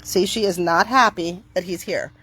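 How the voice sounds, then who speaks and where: A middle-aged woman talking casually to camera outdoors on her property, chatty and upbeat, switching to a bright cheery voice when she greets her dogs. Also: on the low side, moderate pace, slightly rough. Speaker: dog owner vlogger.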